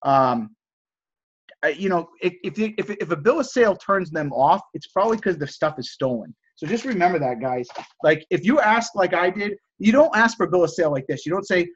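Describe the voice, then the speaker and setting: A man's voice: high voice, expressive, fairly quick, breathy edge, highs cut off. A man hosting a live stream, coaching viewers on negotiation and reading out chat messages in an enthusiastic salesman-like way. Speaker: host of a live stream teaching resale negotiation.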